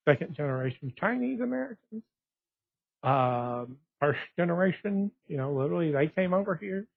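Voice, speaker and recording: Guy rambling on his blog, husky voice, kinda tinny like a phone. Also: on the high side, dry recording. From West Texas. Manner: rambling, digressive, restarts often. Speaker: blogger. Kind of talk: casual monologue. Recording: tinny phone-like dry sound.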